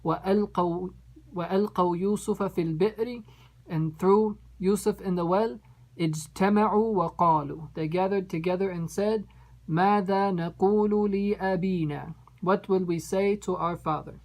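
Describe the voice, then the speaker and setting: A woman's voice: medium pitch, steady tone, rapid-fire, darkish tone, low-quality recording. A woman teaching an Arabic text, reading each phrase and then translating it word by word and explaining its grammar. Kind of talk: line-by-line text translation lesson.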